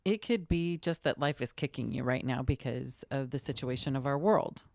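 A woman's voice: rumbling low, normal speed, vocal fry, a little mellow, no room sound, studio quality. A woman co-hosting a podcast, speaking in a thoughtful, conversational way. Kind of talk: casual podcast chat.

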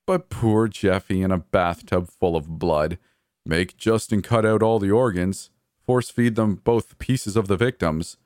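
A man's voice: low-pitched, unhurried, a little mellow, no room sound, studio quality. A man voicing a cold, gleeful, murderous adult brother in a horror story, with a taunting, sneering delivery. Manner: taunting, sneering, coldly cheerful.

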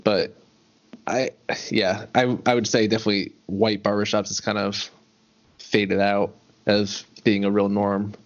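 Podcast co-host, male, lower voice, measured with dry wit, lo-fi recording. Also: level tone. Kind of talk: casual chat recapping a TV episode.

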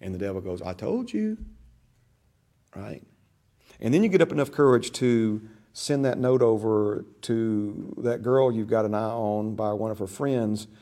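A man's voice: lowish voice, normal speed, hardly any pauses, dark tone. An older man with grandchildren teaching a church discipleship class, conversational and storytelling, acting out voices in his stories.

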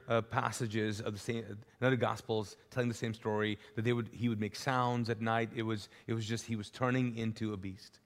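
A male pastor preaching a sermon live in a large church, with animated, repetitive storytelling. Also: fairly low pitch. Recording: live church hall with long reverb.

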